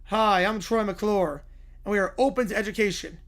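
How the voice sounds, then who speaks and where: A hoarse man voicing a smarmy, chipper middle-aged cartoon actor who gives slow showbiz introductions. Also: sits high, fairly bright tone.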